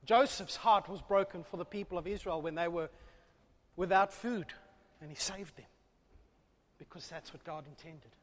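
A man preaching a sermon, swinging between loud, fervent calls and hushed, low asides. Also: moderate pace, pauses often. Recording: long hall reverb.

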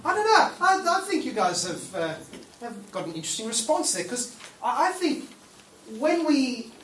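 A man preaching a conversational, animated sermon. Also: very high voice, normal speed. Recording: roomy hall from far off, faint noise.

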